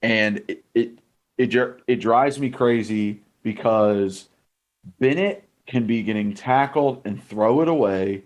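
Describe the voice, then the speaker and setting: A man's voice: fairly low pitch, takes it slowly. A young man co-hosting a sports podcast, ranting heatedly about referees with frequent swearing. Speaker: podcast co-host, former offensive lineman. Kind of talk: casual sports podcast chat.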